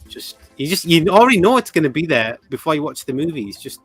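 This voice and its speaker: A livestream co-host chats in quick bursts on a casual stream, reading out viewer comments and greeting people in chat. His voice is fairly high, very animated, fairly bright and slightly rough. Faint music plays behind him.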